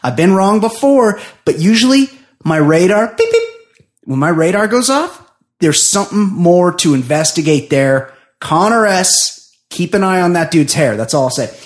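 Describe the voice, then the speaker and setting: A man co-hosting a podcast in casual chat, animated and jokey, swearing freely as he speculates. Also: sits high, moderate pace. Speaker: podcast co-host.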